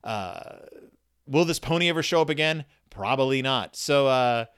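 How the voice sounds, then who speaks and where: A man's voice: medium pitch, expressive, normal speed, fairly bright tone, clear, resonant tone. Rambling, chatty man reviewing a book. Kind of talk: casual solo review.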